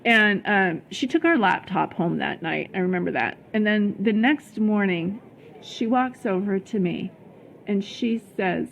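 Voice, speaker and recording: A woman's voice: medium pitch, lively intonation, measured pace, vocal fry, highs cut off, slight background noise. A middle-aged woman vlogging about her past job, talking in an emphatic, heated way with many fillers and restarts. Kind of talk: casual personal storytelling.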